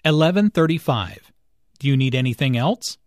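A man's voice: mid-range voice, animated, normal speed, no room sound, clean studio sound, lightly acted. A man playing a courteous, businesslike postal clerk in a scripted lesson dialogue. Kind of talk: scripted role-play dialogue.

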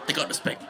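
A stand-up comedian tells his bits in an animated way and laughs along. His voice is high for a man and swings widely in pitch. There is steady noise under the recording.

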